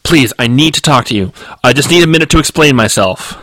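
A man's voice: medium pitch, lively intonation, moderate pace, a bit bright, no echo, natural voice. A man reading aloud and voicing a nervous, rambling talking male dog in a storybook. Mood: pleading, nervous. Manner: hesitant and rambling.

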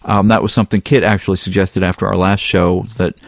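Brief: male podcast co-host, low voice, dry close mic, laid-back email reader. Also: fast talker, creaky, dry recording. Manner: relaxed, chuckling, reads emails aloud. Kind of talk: casual chat.

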